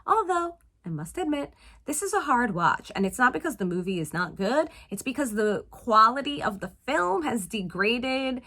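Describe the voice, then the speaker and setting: Woman reviewer, sassy and animated, with a bright, fairly high voice that swings widely. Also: moderate pace. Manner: sassy, animated, exclaims in disbelief. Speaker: film reviewer. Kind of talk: casual film recap and review.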